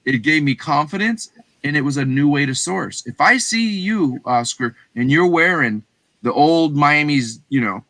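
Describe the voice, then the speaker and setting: A middle-aged man with a Texan accent, casually telling a reselling story on a show, animated and acting out the people he quotes. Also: fairly high pitch, moderate pace. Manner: animated, acts out quoted voices, swears casually. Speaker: guest reseller.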